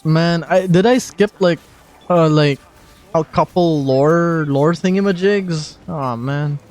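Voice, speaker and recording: Young streamer guy, joking around, slow talk, bit high. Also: darkish tone, faint music behind. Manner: joking, swears, laughs at himself. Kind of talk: casual game commentary.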